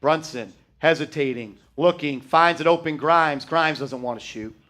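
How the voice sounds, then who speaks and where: A man calls the game play-by-play for a fan live stream, his voice sitting a touch high. He runs through the action quickly and flares into shouting and swearing when the team blows a play. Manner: excitable, shouts and swears at bad plays.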